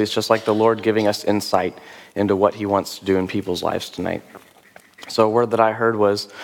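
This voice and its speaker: A man preaching as a pastor, talking in a loose, conversational way with rhetorical questions and fillers, his voice rough from a sore throat. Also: mid-range voice, long reverb tail. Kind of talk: sermon with altar call. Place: church service.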